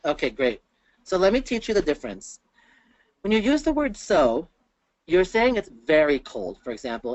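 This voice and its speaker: Online English teacher, patient explaining, deliberate example sentences, webinar mic, dry close audio. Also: mid-range voice, sing-song, no echo, highs cut off. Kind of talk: online grammar lesson.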